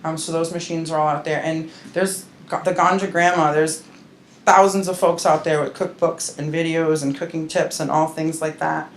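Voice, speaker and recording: An adult woman with a grown-up mother speaks at normal speed in a low, steady voice, as a patient advocate giving a casual, frank seminar talk with joking asides. The wellness center seminar room sounds echoey, with faint ambience and slight background noise.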